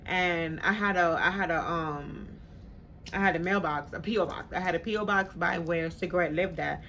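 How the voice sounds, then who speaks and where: A woman's voice: on the low side, moderate pace, pushed and bright, a little hiss or hum. A woman vlogger telling a personal story in casual, slangy talk. She swears freely and acts out the people she quotes.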